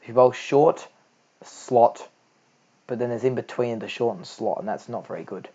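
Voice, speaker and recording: A teenage boy giving rambling, low-key homemade cricket commentary and often correcting himself mid-sentence. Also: moderate pace, darkish tone, slightly rough. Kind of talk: homemade live audio commentary. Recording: dull lo-fi recording.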